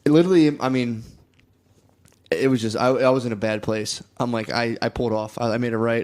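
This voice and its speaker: A man's voice: mid-range voice, fairly even intonation, fairly quick, darkish tone. A man telling stories in a casual podcast chat, loose and profane, with lots of "dude" and "like". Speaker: podcast co-host.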